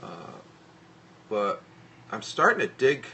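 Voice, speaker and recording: A man's voice: medium pitch, big pitch swings, slow, bright, forceful tone, slight background noise. A middle-aged man from the northeastern US chatting casually on a live stream from his home computer desk, rambling with lots of fillers and restarts. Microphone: tablet microphone.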